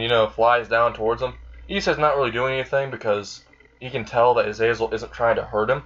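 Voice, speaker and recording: A man's voice: mid-range voice, a bit bright, highs cut off. A man casually retelling a fan-made story in a rambling way, with many fillers. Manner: rambling, frequent fillers and laughing.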